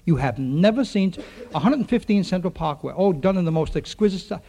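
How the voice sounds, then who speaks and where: A man telling a comic stage monologue to a live audience, with quick wisecracks and asides to the crowd. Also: high-pitched, lively intonation, mellow. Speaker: comedian and radio show host. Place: theater studio with live audience. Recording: faint noise on an old radio recording.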